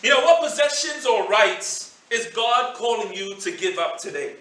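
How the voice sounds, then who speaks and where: A man's voice: high voice, animated, moderate pace, fairly bright tone. A male pastor preaching a sermon in a conversational way, often saying "you know" as he tells a story to his church. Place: church hall. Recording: roomy sound from a distance.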